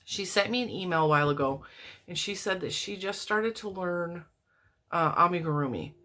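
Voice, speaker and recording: A middle-aged woman talks through her fan mail at home in an easygoing, rambling way. Her voice sits a little low, yet it leaps up whenever something delights her, and she laughs often between her sentences. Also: normal speed. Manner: chatty and rambling, laughs often, pitch leaps up when excited. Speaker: crochet vlogger opening mail from viewers. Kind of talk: casual chat. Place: home, indoors, TV on in the room.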